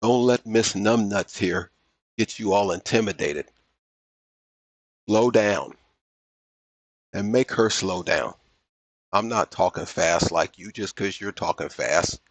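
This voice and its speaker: A man hosts a reaction commentary, mocking and blunt, with plenty of slang. His voice is husky and a bit low. The sound is dry and close, with no room around it. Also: slow pace, long pauses, no room sound. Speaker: commentary host.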